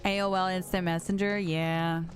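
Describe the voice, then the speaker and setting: A woman's voice: on the low side, flat delivery, moderate pace. A young adult woman streaming a game, chatting casually in a playful, teasing way and laughing often. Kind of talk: casual gameplay chat. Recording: stream with music underneath.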